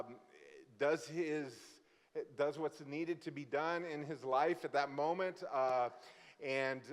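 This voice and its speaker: A man from Brazil, a guest pastor, telling a funny story in a sermon and acting out the people in it. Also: medium pitch. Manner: lively, joking storyteller who acts out the characters. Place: church sanctuary. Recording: church hall with long reverb.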